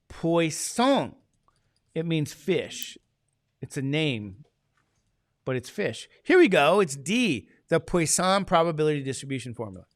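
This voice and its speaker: A man's voice: high voice, a bit bright, dry recording, clean studio sound. A man teaching a classroom lecture, chatty and digressive, asking the class questions as he goes.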